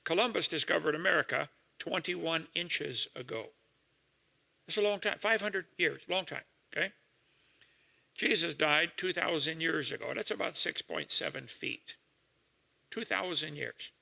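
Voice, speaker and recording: An older man giving a folksy lecture to an audience, explaining slowly with homely examples and checking in with listeners. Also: on the high side, vocal fry, pushed and bright. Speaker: creationist lecturer. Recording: reverberant hall recording.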